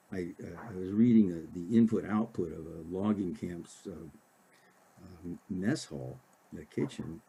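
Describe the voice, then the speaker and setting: An older man from Oregon, an author giving a casual library talk, halting with many fillers and restarts. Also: low-pitched, dark tone, slightly rough.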